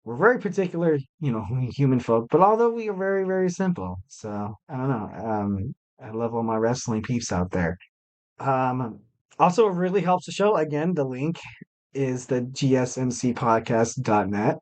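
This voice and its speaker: With big swings in pitch around a mid-range voice, a young man chats alone on his wrestling podcast at a normal speed. He wanders from point to point, relies on lots of fillers, and pokes fun at himself now and then.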